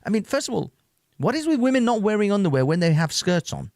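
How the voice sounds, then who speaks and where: A man's voice: high-pitched, sing-song, fast, darkish tone, no echo, clean studio sound. A man hosting an online stream, reacting to clips in a loose, rambling rant full of repeats and laughs. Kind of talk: casual ranting commentary.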